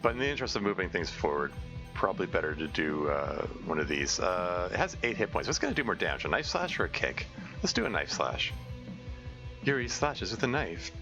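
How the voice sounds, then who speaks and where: Chatty game streamer, bright lively voice; dull stream audio, faint music behind. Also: male voice, deep voice, a little fast. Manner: chatty, thinking aloud with fillers. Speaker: streamer playing a visual novel mod. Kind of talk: let's play narration and reading aloud.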